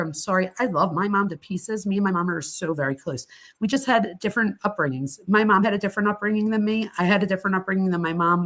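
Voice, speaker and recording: A middle-aged woman hosting a live psychology talk stream, speaking candidly and chattily with casual swearing. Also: on the low side. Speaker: host.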